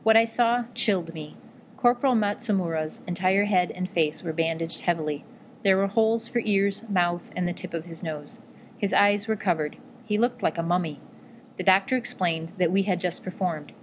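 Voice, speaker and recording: A woman with a fairly low voice reads a memoir-style novel aloud in calm, measured narration. Her delivery stays gentle and even, and a faint hiss of noise sits beneath her voice. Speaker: audiobook narrator.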